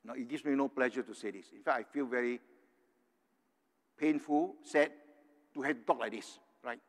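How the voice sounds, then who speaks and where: Older preacher in a reverberant hall. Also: male voice, mid-range voice, moderate pace. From Singapore. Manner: earnest, tags points with "right?". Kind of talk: sermon.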